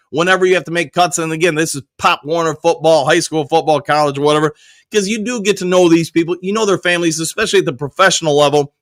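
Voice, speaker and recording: Upbeat high-voiced male sports host. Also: a bit bright, no room sound. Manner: upbeat, reads viewer comments aloud and answers them; loose and conversational, with frequent restarts and fillers. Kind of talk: live-stream sports chat.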